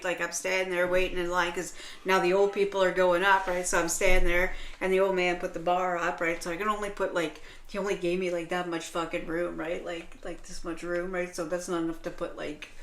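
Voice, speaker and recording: A woman telling a long story in casual chat, swearing heavily and checking in with "right?" every few lines. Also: on the low side. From Canada. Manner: heavily profane animated storytelling, full of "right?". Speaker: co-host. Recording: echoey room.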